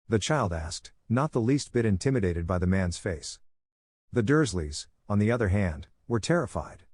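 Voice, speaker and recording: A man narrating a fan fiction story in a steady, even reading. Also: on the low side, normal speed, breathy edge, no echo, clean studio sound.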